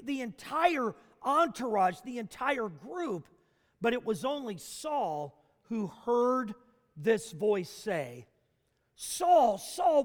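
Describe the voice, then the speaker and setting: A man preaching a sermon, emphatic, with dramatic pauses. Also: very high-pitched, fairly bright tone. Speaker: pastor. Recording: long hall reverb.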